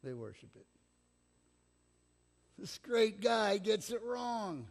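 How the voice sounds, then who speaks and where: A man's voice: high voice, very animated, takes it slowly, vocal fry. A middle-aged man preaching a sermon as pastor, telling stories in a casual, conversational way and acting out the people he quotes. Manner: conversational storytelling, acts out quotes. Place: church sanctuary. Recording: long church reverb.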